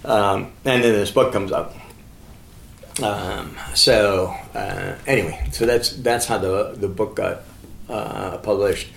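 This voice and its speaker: A man with a very low, gravelly voice tells a long story in a loose, rambling way. He fills it with ums and uhs and acts out the voices in his quoted dialogue. The sound is roomy, with a faint hiss behind it. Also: fairly even intonation, slow pace. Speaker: guest, author and ministry founder. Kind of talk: casual storytelling conversation.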